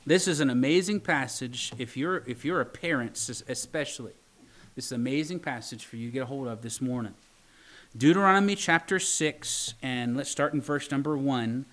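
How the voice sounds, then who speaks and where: A man, a pastor preaching a sermon, who reads scripture slowly and deliberately and puts rhetorical questions to the congregation. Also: medium pitch, fairly bright tone. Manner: teasing asides.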